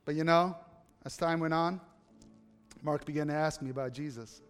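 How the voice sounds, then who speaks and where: A pastor preaches in a lively, storytelling way, slipping into the voices of the people in his anecdotes and then rising to fervent calls to the congregation. His voice sits a little high for a man. A long hall reverb trails his words, with faint music underneath. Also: normal speed, clean tone. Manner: animated, acts out dialogue, builds to impassioned appeals. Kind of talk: sermon with personal storytelling.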